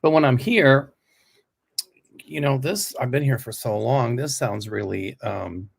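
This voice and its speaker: A man's voice: medium pitch, a little slow, gravelly. Chatty, opinionated man thinking aloud. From Southern US. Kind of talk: casual political chat.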